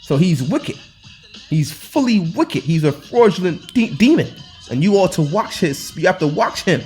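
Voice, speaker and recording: A man's voice: high-pitched, sing-song, normal speed, a little mellow, faint music behind. A man preaching informally over scripture, hectoring and repeating himself with rhetorical questions and colloquial restarts. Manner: loose, colloquial delivery with frequent restarts. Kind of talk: informal scripture-reading sermon.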